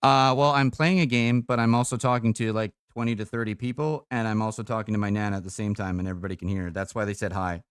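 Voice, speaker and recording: A man's voice: lowish voice, steady tone, fast talker, hardly any pauses, clean tone, no echo, studio quality. A tired young man streaming live, chatting casually on a call with his grandmother, swearing often and laughing easily.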